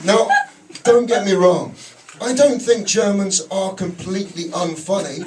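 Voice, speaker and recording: A man's voice: sits high, unhurried. A man doing a self-deprecating stand-up set in a basement comedy club. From England. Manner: self-deprecating, animated storytelling. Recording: distant, noisy live club recording.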